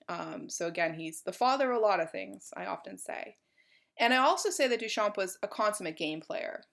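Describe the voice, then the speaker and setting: A woman's voice: medium pitch, lively intonation, a little fast, creaky, a bit bright. A woman giving a college art history lecture in a chatty, informal way, with many fillers.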